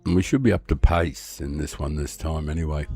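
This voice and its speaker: An older Australian man talks easily and unhurriedly while livestreaming a racing game. His voice sits low and warm. The delivery is casual and easygoing. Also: normal speed, faint music behind. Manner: relaxed, easygoing. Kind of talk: casual chat.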